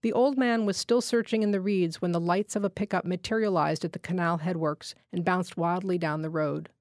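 A woman reading a literary short story aloud in a measured, steady way. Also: on the low side, no echo, studio quality. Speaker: fiction reader.

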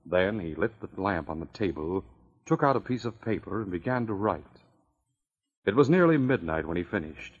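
A husky male narrator tells the story with lively pitch swings, in a measured storytelling way. The sound is muffled and dull, like an old radio broadcast. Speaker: narrator and announcer.

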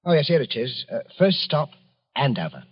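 An actor playing a timid, odd middle-aged lodger who talks hesitantly and apologetically, in 1940s radio acting style on a dull old broadcast. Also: male voice, mid-range voice, big pitch swings, moderate pace, husky. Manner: hesitant, apologetic, filled with uh's.

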